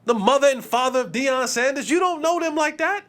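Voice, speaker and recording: A sports podcast host in his thirties speaks in an unusually high, fairly bright voice, a little fast. He's emphatic, driving his points home with repetition and casual street slang.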